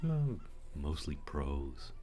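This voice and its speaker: A man with an extremely deep voice narrates a tabletop game. He talks in a relaxed, rambling way and often corrects himself mid-sentence. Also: very slow.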